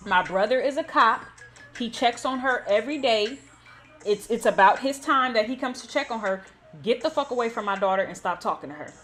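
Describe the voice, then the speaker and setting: A woman's voice: fairly high pitch, a little fast, fairly bright tone, soft background music, close to an everyday voice. Woman voicing her furious protective mom. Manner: swearing, commanding. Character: furious protective mother on the phone.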